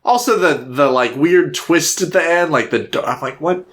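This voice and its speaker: A man's voice: on the high side, moderate pace, fairly bright tone. A man co-hosting a podcast, chatting casually and acting out character lines in exaggerated voices. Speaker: podcast co-host. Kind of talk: casual chat about anime.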